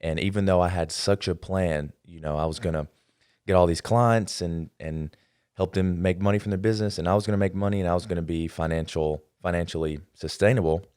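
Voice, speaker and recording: Deep-voiced male podcast host. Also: clear, resonant tone, no echo, clean studio sound. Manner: relaxed, measured, many fillers. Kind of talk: casual interview chat.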